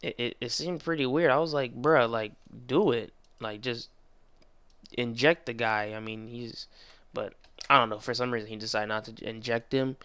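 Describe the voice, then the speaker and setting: A young man giving a casual anime episode review, excitable and rambling, full of slang and restarts. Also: medium pitch, moderate pace, smooth, dry recording.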